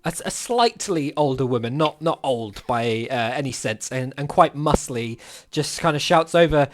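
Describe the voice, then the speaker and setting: A man's voice: medium pitch, expressive, moderate pace. A man narrating and voicing characters as game master, with frequent stammering restarts.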